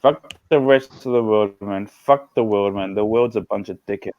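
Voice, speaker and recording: A man's voice: on the low side, normal speed, highs cut off, slight background noise. A man with an Australian accent, bantering on a live stream, teasing and swearing while repeating himself. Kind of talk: casual livestream banter.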